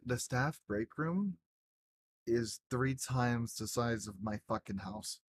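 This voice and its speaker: A man's voice: medium pitch, dry recording. A rambling, swearing storyteller man. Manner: rambling storyteller, heavy swearing, frequent fillers. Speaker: gaming group member telling a story. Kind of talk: casual chat.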